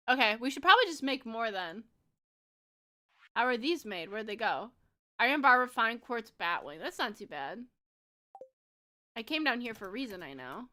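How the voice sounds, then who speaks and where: A woman's voice: on the high side, lively intonation, takes it slowly, pauses often, bright, forceful tone. A woman in her twenties chatting casually on a gaming livestream, bubbly and giggly, rambling with lots of fillers. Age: 20s. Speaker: streamer.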